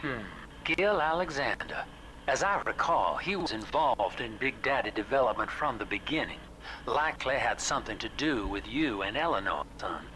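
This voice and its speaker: A man's voice: mid-range voice, lively intonation, moderate pace, background noise, lightly acted. An actor playing a wry older male guide speaking over the radio, folksy and conspiratorial, calling the hero chief and son. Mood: musing.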